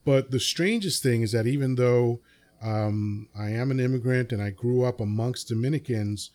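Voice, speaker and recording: A man's voice: mid-range voice, moderate pace, a little mellow. A man in a casual podcast conversation, recalling his family history in a reflective, meandering way.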